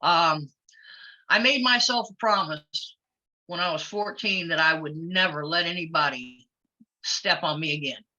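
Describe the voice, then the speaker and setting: A woman, a former wrestler, chatting openly in an interview, outspoken and quick to laugh. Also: on the low side, bright, forceful tone. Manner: outspoken and blunt, laughs easily. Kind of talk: casual interview chat. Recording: lo-fi audio.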